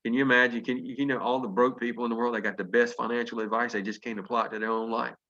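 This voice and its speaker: Speaking at a racing pace, this North Carolina man in his fifties shares folksy, sincere motivational stories on a video call. His voice is medium in pitch, steady, and a little bright, with lo-fi sound.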